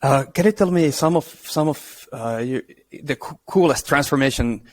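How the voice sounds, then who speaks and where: A man hosting a podcast, asking questions haltingly with many restarts and fillers. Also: on the high side. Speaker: podcast host. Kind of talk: interview questions.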